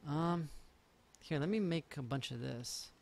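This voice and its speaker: A man chats through a live game stream in a rambling, easygoing way. His voice sits a little on the high side. He drifts between topics and pokes fun at himself. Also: unhurried, gravelly, darkish tone. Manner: rambling, chatty, self-mocking jokes. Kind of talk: casual live-stream commentary.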